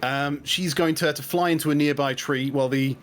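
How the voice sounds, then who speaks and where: A man running a tabletop game as game master, narrating in a relaxed, chuckling way. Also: a little high, fairly quick, soft background music.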